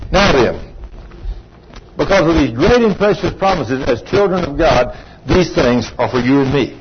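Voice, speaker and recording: A man preaching a sermon in a conversational, animated way, rising high for emphasis. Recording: muffled lo-fi recording with background noise.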